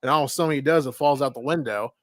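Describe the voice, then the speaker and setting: A man's voice: medium pitch, very fast. A man co-hosting a casual movie review podcast, retelling the plot in a rambling way full of fillers. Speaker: podcast co-host.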